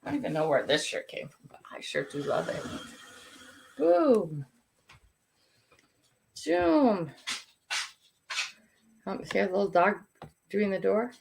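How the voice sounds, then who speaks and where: An older woman hosts a casual morning livestream from her home. She chats and greets each viewer by name, with a lively, swooping pitch and frequent laughs. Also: fast, creaky, slight background noise. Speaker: livestream host.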